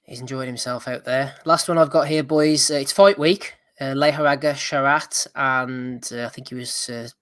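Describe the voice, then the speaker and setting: A man's voice: medium pitch, steady tone, normal speed, few pauses, a bit bright. Man reading out boxing tweets. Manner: reads out news and tweets, chuckling. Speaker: podcast host. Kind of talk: casual boxing chat.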